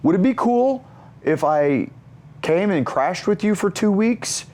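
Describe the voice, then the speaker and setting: A man doing an impression of an easygoing young male actor friend, casual and friendly, in a higher voice than his own. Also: animated, measured pace, a little mellow.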